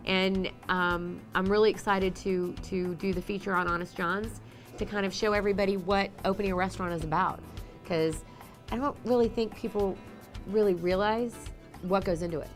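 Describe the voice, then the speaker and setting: A woman who hosts a TV show and runs restaurants, telling her story to camera in a chatty, animated way on a lapel mic. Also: medium pitch, normal speed, faint music behind. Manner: chatty and animated, acts out dialogue with a raised voice. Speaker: TV host and restaurant owner. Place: on a filming set with a camera crew.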